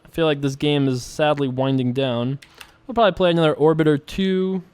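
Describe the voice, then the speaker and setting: A man's voice: on the high side, fairly quick, a little mellow, clear, resonant tone. A young man hosting a poker channel, chatting casually and rambling as he plays and reads viewer questions aloud. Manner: rambling, chatty, self-correcting. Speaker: online poker vlogger. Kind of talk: casual commentary while playing.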